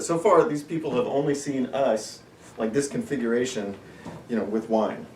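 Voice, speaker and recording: Male podcast host, rambling and self-deprecating, quick to laugh; roomy studio sound, mic set back, faint hum of ambience. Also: medium pitch, a little mellow, recorded from a distance. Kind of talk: casual chat.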